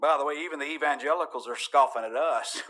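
A fervent preacher from Georgia with a bright, ringing voice that sits a bit high for a man. He mixes folksy asides with hard-driving proclamation. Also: quick pace. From Georgia, USA. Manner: fervent, folksy, cracks jokes then thunders. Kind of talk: sermon.

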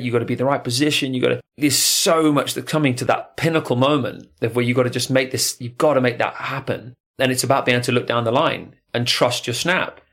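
A man hosting a podcast in casual chat, talking in an emphatic, motivational way. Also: medium pitch.

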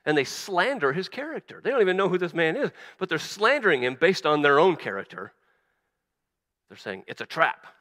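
A pastor preaches an animated sermon in a high-pitched, brisk voice, acting out quoted voices and frequently stumbling and starting over. The sound is that of a big room.

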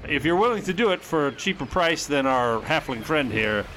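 A man's voice: fairly high pitch, animated, normal speed, bright, forceful tone, slight background noise. A man narrating a tabletop game as game master in a dry, matter-of-fact way.

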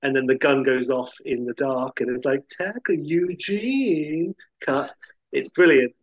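A man's voice: medium pitch, little pitch movement, normal speed, no echo. A man chatting enthusiastically about films, rambling and acting out quotes. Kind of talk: casual chat about films. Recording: dull lo-fi sound.

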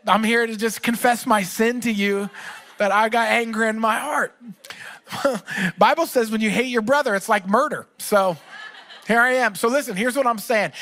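A male pastor telling a humorous story to his congregation during a sermon, animated and self-mocking. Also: very high voice. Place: church with live audience.

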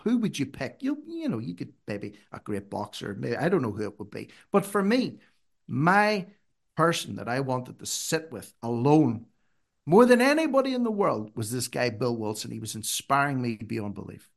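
A middle-aged man, a podcast guest telling stories in an earnest, emphatic way that climbs high when he urges. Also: wildly swooping pitch, moderate pace, gravelly. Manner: earnest, emphatic, rises sharply when urging. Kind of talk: conversational storytelling.

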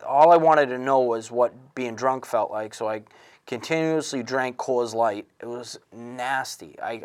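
Man in his thirties, candid personal testimony, earnest, halting, restarts often, mid-pitched voice. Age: 30s. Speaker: person in recovery telling his story.

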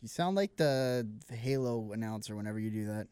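A man's voice: on the low side, brisk, clean tone, no room sound. A man co-hosting a casual podcast, reading out news items and joking along. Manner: animated, reads news items, jokey. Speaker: podcast co-host.

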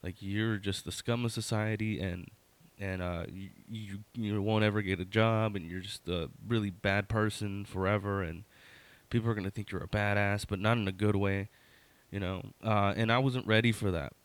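A man's voice: lowish voice, steady tone, moderate pace. A middle-aged man casually telling a personal story, rambling and wry, full of fillers, self-corrections and "right?" asides. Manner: wry, conversational, addresses listener with "right?".

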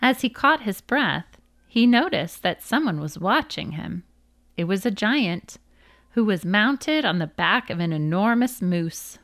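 A woman reads a children's book aloud at an unhurried pace, careful over each word. She stops to spell out unfamiliar names. The sound is close and dry, with no room echo. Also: mid-range voice, lively intonation, fairly bright tone. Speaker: storyteller.

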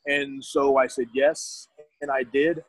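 Rambling man with a husky voice. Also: mid-range voice, level tone, takes it slowly, no room sound, poor audio. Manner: rambling, restarts, quotes others. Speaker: guest telling his story. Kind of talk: casual storytelling.

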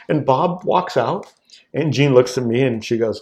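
A man in his forties from Southern California, a wine sales executive, telling an anecdote as a guest and acting out the quoted voices. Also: brisk. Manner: animated, acts out quoted voices with big pitch jumps. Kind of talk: casual anecdotal storytelling.

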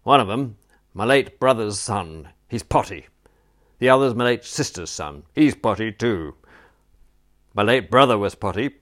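A man's voice: on the low side, animated, unhurried, fairly bright tone. A man playing a peevish, blustering old duke. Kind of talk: audiobook character voice.

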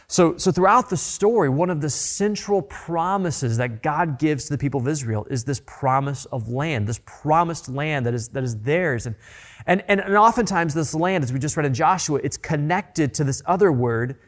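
A man's voice: a little high, animated, moderate pace. A man preaching a sermon in an earnest way, often repeating words as he builds a point. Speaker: pastor.

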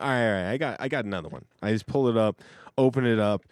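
Speaking rapidly at a medium pitch with no echo, a man hosts a casual chat and reads aloud messages from coworkers. He rambles, interrupts himself and laughs often.

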